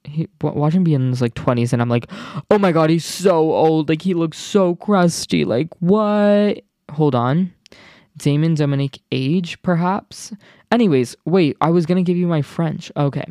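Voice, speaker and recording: A young man rambles excitably through a solo podcast, jumping from one aside to the next. His voice sits a little high for a man. The sound is close and dry, with no room around it. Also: moderate pace, no room sound. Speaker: podcast host. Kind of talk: casual solo podcast chat.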